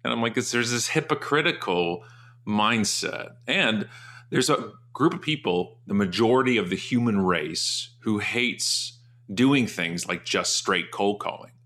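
A man guest in an interview, telling stories in an animated, emphatic way and jumping up in pitch when he acts out what others said. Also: a little slow. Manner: energetic, emphatic, jumps up in pitch for acted quotes. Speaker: guest, marketing speaker.

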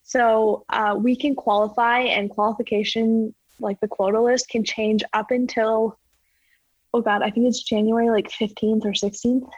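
A young Canadian ski jumper chats casually in an interview, filling her speech with "like." Her voice is on the high side and darkish, with a level tone and normal speed, no echo, and the highs cut off.

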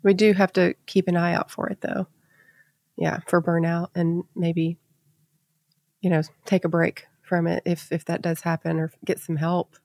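A woman co-hosting a nursing podcast, telling a candid story in casual chat and halting at the emotional parts. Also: on the low side, level tone, vocal fry, warm tone, no echo, studio quality. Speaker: nurse podcast co-host.

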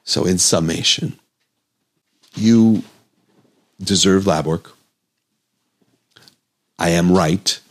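A man's voice: low-pitched, slow, long pauses. A man hosting his own health podcast as a doctor, speaking in an earnest, emotional, pleading monologue.

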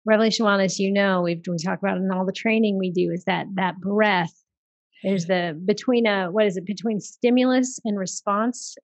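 A woman's voice: medium pitch, no room sound. Earnest woman hosting a faith podcast. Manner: earnest, affirming, frequent listening sounds. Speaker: podcast host. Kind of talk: faith-based conversational interview.

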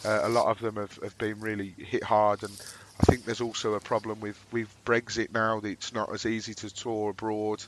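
A man with a northern English accent, co-hosting a casual football podcast, chatty and quick to laugh. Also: fairly low pitch, little pitch movement, heavy background noise. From northern England. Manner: chatty, laughs often, jokey. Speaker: podcast co-host. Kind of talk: casual chat.

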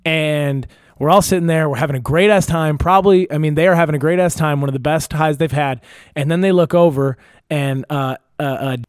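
A man's voice: on the high side, fairly quick, clean tone, dry recording, clean studio sound. Rambling, swearing young man telling a story. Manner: rambling, profane, laughing, many fillers and restarts. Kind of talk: casual storytelling chat.

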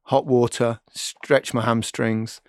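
A man's voice: mid-range voice, slow, dry recording, clean studio sound. A middle-aged man hosting a podcast, telling a story in casual chat and laughing often. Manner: lively anecdote-teller, laughs often. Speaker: podcast host.

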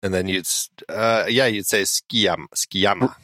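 A man's voice: low voice, a little slow, bright, forceful tone, no room sound, clean studio sound. A man co-hosting a film podcast in casual banter, joking, drifting into tangents and laughing often. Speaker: podcast co-host.

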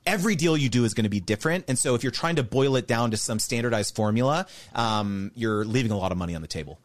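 A man being interviewed on a podcast, explaining step by step in an animated way. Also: mid-range voice, fast talker. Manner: animated, explains step by step, mimics others' voices. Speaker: guest, creator business educator.

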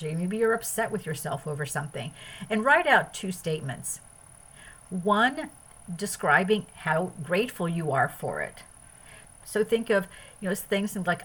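A woman with a slightly low, husky voice hosts a self-help podcast. She talks earnestly about inner growth and piles up long lists of phrases as she goes. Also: fairly bright tone, poor audio. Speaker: podcast host. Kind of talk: spiritual self-help talk.

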